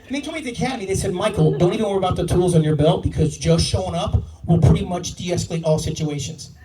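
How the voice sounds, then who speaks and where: Brash, profane stand-up comic, high voice. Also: male voice. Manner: brash, profane, fast storytelling punctuated by laughs. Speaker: stand-up comedian, police officer. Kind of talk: stand-up comedy. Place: comedy club stage before a live audience. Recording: distant mic with loud crowd laughter.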